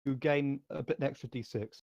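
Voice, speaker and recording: A man's voice: medium pitch, brisk, gravelly, darkish tone, lo-fi sound. A man playing in an online tabletop game, eager and explaining rules, with frequent restarts. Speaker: player. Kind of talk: casual chat during an online game.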